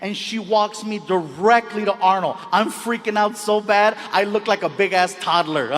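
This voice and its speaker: A man doing live stand-up, animated, laughing at his own lines and yelling for effect on a stage mic. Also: high-pitched, unhurried, long reverb tail, noisy background. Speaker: stand-up comedian and host. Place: comedy stage before a live audience.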